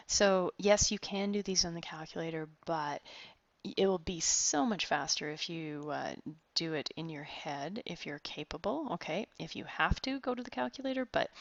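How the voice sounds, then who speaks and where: A woman's voice: lowish voice, creaky, dry recording. A woman math tutor talking students through problems step by step, encouraging them as she goes. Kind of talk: online math lesson. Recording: dull, dry close recording.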